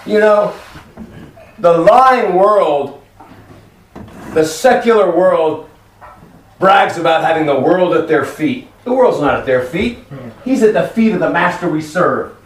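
A man preaching a lively sermon in a church hall, acting out voices as he tells stories. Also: high voice, slow, pauses often. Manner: animated, acts out voices in stories. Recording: echoey hall, from far off, faint noise.

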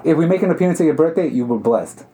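A man's voice: fairly high pitch, lively intonation, rapid-fire, warm tone, slight background noise. A young man co-hosting a podcast, chatting casually and trading teasing jokes with his friend. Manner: joking, teasing banter. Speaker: podcast co-host. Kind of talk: casual chat.

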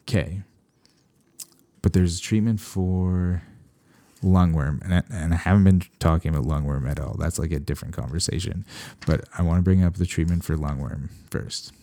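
A man talks in a casual, rambling way, with a voice at the very bottom of the range and a gravelly rasp. His tone is dark and mellow, and the recording is dry. He drops dry, sarcastic asides as he goes. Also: deep voice, moderate pace, no echo. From Canada. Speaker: veterinarian. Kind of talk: casual podcast talk.

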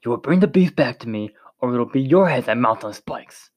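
A man reading a story, voicing a brawny, cruel male commander who talks in a loud, barking way. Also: medium pitch, expressive, normal speed, dry recording, natural voice. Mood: cold menace.

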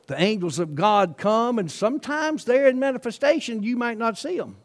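Folksy preacher with a lively voice. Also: male voice, high voice, brisk, few pauses. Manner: folksy, chatty, with frequent asides. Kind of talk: storytelling sermon.

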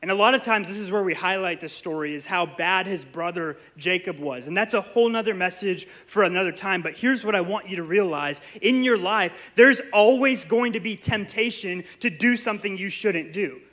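A man in his thirties preaches in a church, his voice high and forceful. He tells stories with animated energy and throws playful asides to the room. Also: moderate pace, hardly any pauses. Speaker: pastor. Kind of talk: sermon. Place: church sanctuary.

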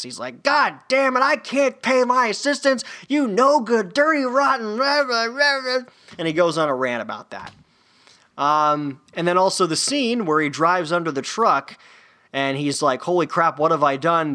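A man's voice: mid-range voice, bright, forceful tone. A man hosting a solo sports podcast, rambling loosely with lots of fillers and restarts. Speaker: podcast host.

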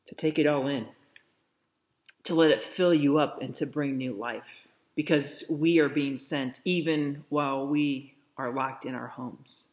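A man preaching a sermon in a slow, reflective way, softly repeating a blessing. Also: medium pitch, fairly even intonation. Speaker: pastor.

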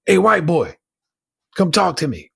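A man's voice: sits high, lively intonation, moderate pace, pitched above the performer's own voice. A man voicing a persistent male prison inmate who calls out in coaxing, insistent tones.

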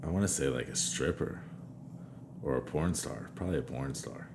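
A man's voice: rumbling low, normal speed, creaky, noisy background. A young man as a podcast guest in casual chat, laid-back, giving short answers.

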